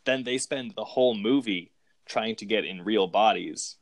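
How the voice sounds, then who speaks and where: A man's voice: lowish voice, normal speed, no echo. A man in casual chat, rambling and amused as he recaps movie plots, often restarting his sentences.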